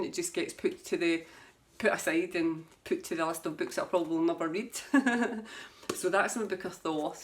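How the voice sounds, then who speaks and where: A woman who reads tarot, chatting casually to camera about her books in a rambling way and laughing at herself. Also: on the low side. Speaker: tarot reader. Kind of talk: casual book chat to camera.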